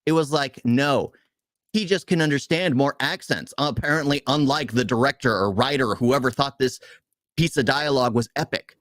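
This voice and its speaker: A man's voice: mid-range voice, moderate pace, fairly bright tone, no echo. A man co-hosting a casual movie review, ranting in frustration with rhetorical questions.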